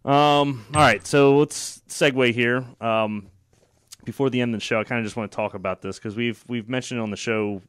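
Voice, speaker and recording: A man's voice: mid-range voice, steady tone, normal speed, fairly bright tone, clean tone, no room sound. A man hosting a political talk show, opinionated and sarcastic, with frequent fillers and restarts. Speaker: radio show host.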